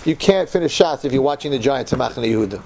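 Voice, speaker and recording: A man in his sixties from New York telling a story in a sermon, with dramatic swings from hushed murmurs to loud outbursts. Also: mid-range voice, lively intonation, quick pace, slight background noise. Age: 60s. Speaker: religious teacher.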